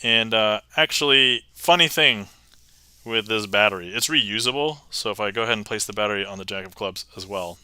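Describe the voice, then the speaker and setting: A man hosts a live magic stream from a desk mic, chatting upbeat with viewers and thanking them one by one. His voice is strikingly bright and smooth, and the sound is dry with no room echo. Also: on the low side, fairly quick. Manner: chatty and upbeat, reading chat aloud with thanks. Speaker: magician livestream host. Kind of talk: casual livestream chat.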